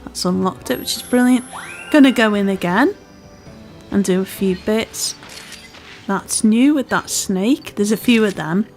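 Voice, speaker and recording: Woman, Scouse-Welsh accent, gaming host, chatty let's-play commentary, mid pitch, quiet game music behind. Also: measured pace. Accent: part Scouse, part Welsh. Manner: chatty, self-deprecating, talking to herself while playing.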